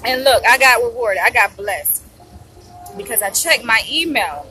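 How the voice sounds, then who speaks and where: A woman talking casually and excitedly to her viewers in a vlog, gushing and calling them y'all, with food in her mouth. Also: fairly high pitch, unhurried, soft background music, rough recording. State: eating while talking. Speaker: vlogger.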